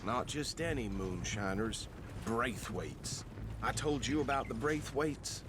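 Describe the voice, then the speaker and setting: An actor playing an officious small-town deputy in a western game, stressing who is in charge. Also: male voice, mid-range voice, animated, slow, background noise. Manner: officious, self-important.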